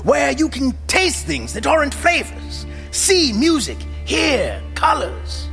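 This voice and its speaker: Man voicing a whimsical dreamy architect, very high voice, slow drawl, long reverb, audio drama. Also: huge pitch swings, gravelly, a bit bright, soft background music, heavily acted. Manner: slow, airy, singsong musings. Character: whimsical, dreamy male landscape architect, absurd.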